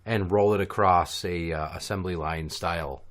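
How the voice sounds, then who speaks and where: A man hosting a casual podcast, telling stories in an animated, profane way. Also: deep voice, moderate pace. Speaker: podcast host.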